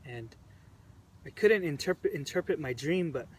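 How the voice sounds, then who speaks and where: A man's voice: a little high, animated. Emotional man telling his story, heard from a distance. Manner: earnest, halting, repeats phrases while recounting. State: emotional, choked up. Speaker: protester recounting events. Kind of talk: personal storytelling to camera. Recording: distant mic with faint background noise.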